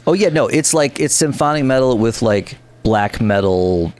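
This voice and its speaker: A man's voice: mid-range voice, animated, normal speed, darkish tone. A man co-hosting a podcast, talking casually about music with rambling, opinionated remarks. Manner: rambling, opinionated, frequent restarts. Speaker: podcast co-host. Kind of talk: casual chat.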